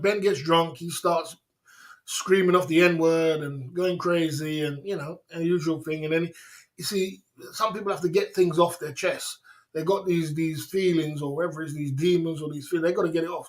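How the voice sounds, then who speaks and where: A man's voice: a little high, fairly bright tone. A man hosting his own livestream, talking casually and rambling, with many fillers, restarts and repeated phrases. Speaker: livestream host. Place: Thailand.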